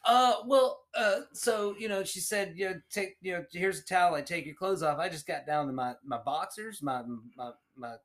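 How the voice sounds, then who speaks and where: A man co-hosting a podcast, telling stories in casual chat, animated and laughing often. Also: sits high, moderate pace, hardly any pauses. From United States. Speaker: podcast co-host.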